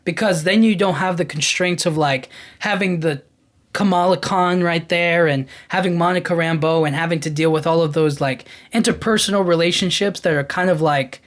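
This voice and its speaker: A man's voice: on the high side, normal speed. Man ranting casually about a film. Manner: animated, frequent "like" and "you know what I mean". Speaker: podcast host. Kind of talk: casual film-review rant.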